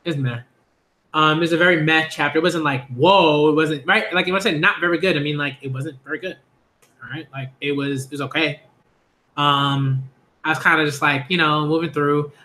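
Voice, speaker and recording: Man, casual reaction stream, rambling, lots of fillers, high bright voice, echoey room. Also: fairly quick. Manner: rambling, repetitive fillers, bursts of high laughing excitement. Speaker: manga reaction youtuber.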